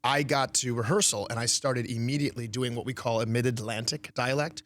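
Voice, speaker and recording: A man in his forties with a Detroit Midwestern accent, an actor and comedian telling lively stories in an interview and slipping into voices. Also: mid-range voice, a little fast. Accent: Midwestern American (Detroit). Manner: lively storyteller, slips into voices and impressions. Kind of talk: animated interview talk.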